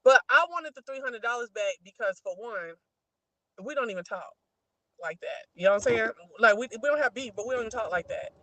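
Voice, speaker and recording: A woman's voice: fairly high pitch, expressive, brisk, bright, forceful tone, no echo, low-quality recording. A middle-aged woman hosting a livestream, chatting casually and telling a story to her viewers, whom she keeps calling "girl". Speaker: livestream host. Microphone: streaming mic.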